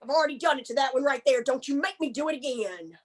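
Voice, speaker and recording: A woman's voice: high-pitched, animated, fast talker. A woman comic voicing her tough, no-nonsense mother scolding her kids in a stern manner.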